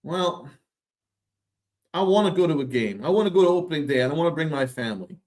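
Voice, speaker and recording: A man's voice: on the high side, lively intonation, fast talker, a little mellow, lightly acted. A man voicing an ordinary father and sports fan, hesitant and resigned.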